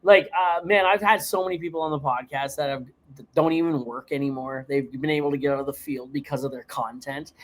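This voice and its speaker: A man from Canada hosting a podcast, telling profane stories in a casual chat with big jumps in pitch. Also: brisk. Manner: profane, animated storyteller with big pitch swings. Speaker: podcast host.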